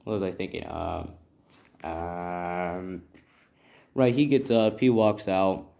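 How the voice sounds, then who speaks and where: A man's voice: sits low, steady tone, takes it slowly, gravelly, mellow, echoey room. A man casually improvising a fan story, rambling, correcting himself and tagging lines with "right?". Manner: rambling, constant "right?" tags and self-corrections; casual, slangy.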